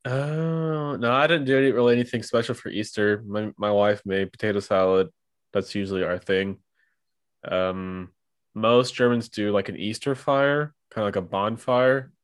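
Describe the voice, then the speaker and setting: A man's voice: on the low side, fairly even intonation, normal speed, clean tone. A man hosting a podcast with a stuffy nose from allergies, moving from a scripted intro into easygoing, chatty conversation. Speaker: podcast host. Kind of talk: podcast intro and casual chat.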